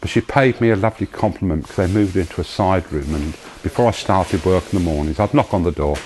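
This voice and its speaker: A man with a very low voice tells a personal testimony, slow and tender as he recalls people he met. A faint hiss of noise sits under his voice. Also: darkish tone, low-quality recording. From United Kingdom. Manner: emotional storytelling, slow and tender. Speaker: charity founder giving testimony.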